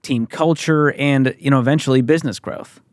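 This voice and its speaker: A man's voice: medium pitch, moderate pace, smooth, no echo, clean studio sound. A man hosting a business podcast, upbeat and complimentary as he wraps up an interview. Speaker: podcast host.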